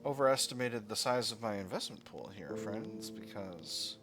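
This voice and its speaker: A man's voice: lowish voice, expressive, moderate pace, music in the background. A man hosting a gaming channel, musing and rambling with fillers as he comments on a strategy game.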